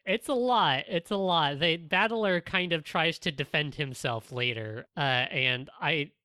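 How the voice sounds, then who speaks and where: A podcast co-host in a casual discussion, talking in an animated way with many fillers and restarts. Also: mid-range voice, measured pace, no echo.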